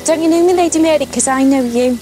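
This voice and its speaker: A woman's voice: sits high, quick pace, music in the background, natural voice. A woman playing a sly Liverpool blackmailer. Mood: taunting. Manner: taunting, coolly threatening. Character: scheming blackmailing former chambermaid woman. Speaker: actor in a period drama clip.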